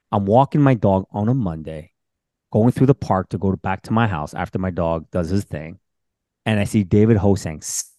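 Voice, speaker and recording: A man's voice: sits low, no room sound, studio quality. A man hosting a podcast interview, telling a story casually and acting out the voices he quotes. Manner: animated, acts out quoted voices. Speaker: senior pastor and podcast host.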